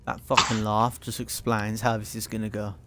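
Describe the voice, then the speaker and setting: A young man streaming a game with friends, swearing, laughing and shouting in excitable outbursts. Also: on the low side, normal speed, heavy background noise. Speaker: gaming streamer. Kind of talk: casual gameplay commentary with friends.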